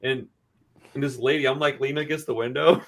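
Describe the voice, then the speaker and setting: A man's voice: mid-range voice, brisk, slight background noise. A man co-hosting a podcast, telling a story in casual, profane chat and acting out the dialogue. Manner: animated, profane, acts out dialogue. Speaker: podcast co-host.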